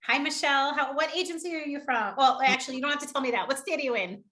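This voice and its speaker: A woman runs an online workshop on public speaking in a high, bright voice. She is energetic and encouraging and laughs often as she coaches the participants. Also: fast talker.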